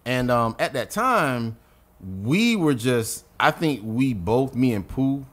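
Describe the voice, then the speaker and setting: A middle-aged man from North Carolina, a guest rapper on a podcast, telling stories in a casual, profane and animated way and acting out quotes. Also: mid-range voice, slow pace. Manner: animated, profane storyteller who acts out quotes.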